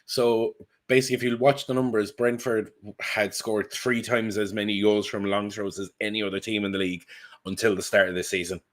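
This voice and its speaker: A man with a lowish voice co-hosts a casual football podcast. He talks in long, animated, digressive runs and swears freely. He often restarts his sentences mid-thought. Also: brisk. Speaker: podcast co-host.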